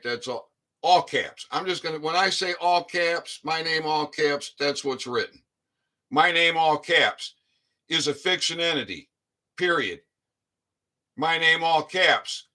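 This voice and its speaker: Man, casual vlogger reading his court documents aloud; higher-pitched, forceful tone, emphatic and repetitive. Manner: emphatic and repetitive, with frequent "all right?" and "right?"; slows down to stress key phrases. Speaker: citizen activist explaining his court filing.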